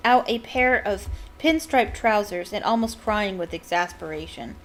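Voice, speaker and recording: A woman reading a book aloud as a fan, casual and animated, with laughter. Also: mid-range voice, moderate pace, few pauses. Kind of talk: casual read-aloud with commentary.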